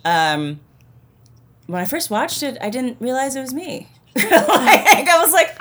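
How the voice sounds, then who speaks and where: A woman's voice: high voice, animated, measured pace, a bit bright, slight background noise. A woman chatting casually as a podcast guest, rambling and self-deprecating, laughing often. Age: born during the Cold War. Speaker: guest actress and former podcast host.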